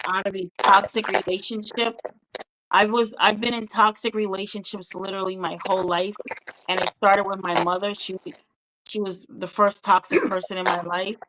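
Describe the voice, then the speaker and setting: A woman's voice: medium pitch, noisy background. Earnest middle-aged woman telling her story. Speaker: guest author. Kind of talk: casual interview chat.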